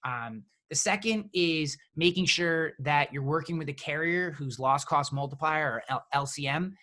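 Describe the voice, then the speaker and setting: A middle-aged man, an insurance agent, explaining things in a casual, halting way with many restarts. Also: fairly high pitch, sharp tone.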